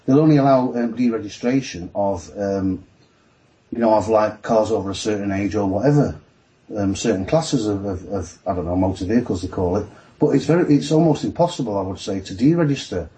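Yorkshire man, guest storyteller, warm mellow tone, excitable, rushes and restarts constantly. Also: lowish voice, low-quality recording. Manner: rushed, excitable, talks fast with many restarts. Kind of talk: casual storytelling on a live stream.

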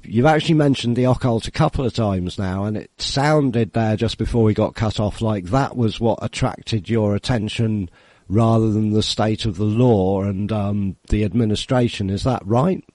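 Mellow-voiced radio host. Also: male voice, lowish voice, normal speed, no room sound. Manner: easygoing, chatty, informal. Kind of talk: casual radio chat.

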